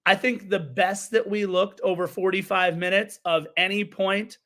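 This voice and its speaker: High-voiced enthusiastic soccer podcast host. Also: male voice, steady tone, moderate pace, fairly bright tone. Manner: enthusiastic, self-correcting, chatty asides to chat and co-hosts. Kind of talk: live-streamed soccer podcast recap.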